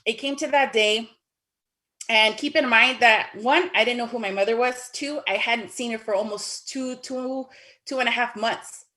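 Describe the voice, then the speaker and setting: Animated woman telling a story. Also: moderate pace. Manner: animated, acts out quoted dialogue with sudden high exclamations. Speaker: guest telling her personal story. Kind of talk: casual storytelling.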